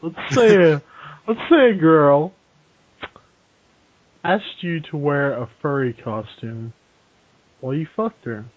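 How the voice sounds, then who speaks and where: A man's voice: a little high, takes it slowly, long pauses. A man co-hosting a podcast, teasing the guest with provocative questions. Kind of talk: casual podcast chat. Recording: dry, phone-like audio.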